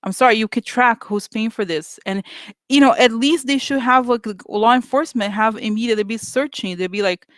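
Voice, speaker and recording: A chatty vlogger rants at viewers with open exasperation, stumbling through fillers and restarts. The voice sits in a middle pitch. It is recorded close and dry, with no room sound. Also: brisk, fairly bright tone, no room sound. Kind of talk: casual opinion rant to viewers.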